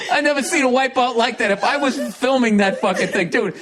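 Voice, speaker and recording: A man's voice: very high voice, quick pace, hardly any pauses, a bit bright. A man hosting a podcast, telling a story casually, laughing often and swearing a lot. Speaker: podcast host.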